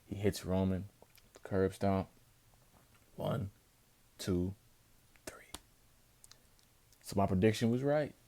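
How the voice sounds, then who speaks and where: A man in a casual review vlog recounting a wrestling event with animated, emphatic storytelling. His voice sits very low, with a dark, mellow tone. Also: moderate pace.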